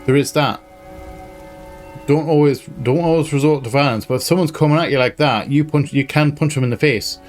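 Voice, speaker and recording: A man casually commentating while he plays a mystery game, chatty and self-mocking as he thinks out loud. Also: a little high, brisk, faint music behind. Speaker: game streamer. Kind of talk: casual let's-play commentary.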